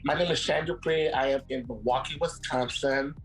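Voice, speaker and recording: A man's voice: medium pitch, steady tone, moderate pace, faint music behind. A man who directs drag shows, talking with sassy exclamations in an interview. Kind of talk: documentary interview. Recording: roomy echo.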